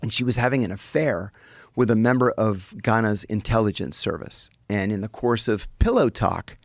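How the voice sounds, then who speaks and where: An American man, a guest on a podcast, telling his story in an animated way and acting out the people he quotes. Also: lowish voice, moderate pace, gravelly, no echo, studio quality. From United States.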